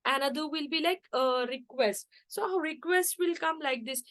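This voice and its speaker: A woman's voice: high voice, normal speed, fairly bright tone. A woman teaching English grammar in an online class, explaining step by step and often checking in with "okay" and "guys". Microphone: video call.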